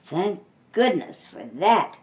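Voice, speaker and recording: A proper lady of the house gives orders in a firm, commanding storybook voice, read aloud by an older woman. She sounds bossy, and she clearly expects to be obeyed. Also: medium pitch, expressive, takes it slowly.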